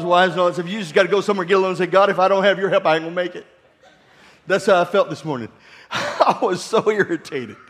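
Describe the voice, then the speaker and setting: A man preaching a sermon as pastor, calling for amens and telling funny stories about his family. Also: a little high. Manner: call-and-response preaching with humorous family stories. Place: church sanctuary. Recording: long hall reverb.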